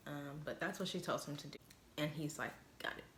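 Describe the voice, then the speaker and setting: A woman's voice: sits low, a little fast, a bit bright, a little hiss or hum. A woman chatting through a casual spoiler recap of a TV episode, rambling and leaning on "like" and "obviously". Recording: roomy echo.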